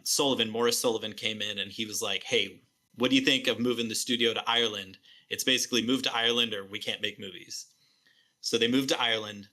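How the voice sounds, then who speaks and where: A man's voice: mid-range voice, sharp tone. A man co-hosting a film podcast, telling a behind-the-scenes story in a loose, rambling way with many fillers. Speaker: podcast co-host. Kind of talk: casual film podcast chat.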